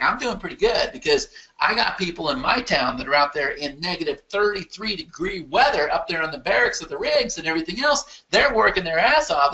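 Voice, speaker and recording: A man presenting a webinar in an emphatic, repetitive motivational sales-pitch style. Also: sharp tone, dull audio.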